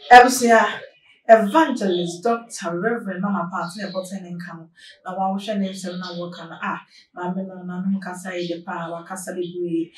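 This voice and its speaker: A woman's voice: lowish voice, steady tone, brisk, a little mellow. Ghanaian woman commentator in an echoey room. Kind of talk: spoken commentary. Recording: echoey room voice, far from mic, faint noise.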